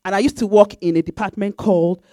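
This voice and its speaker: A woman's voice: medium pitch, steady tone, quick pace, dark tone, dry recording. A woman preaching a sermon in an emphatic, repetitive way, now and then breaking into sung phrases. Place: church.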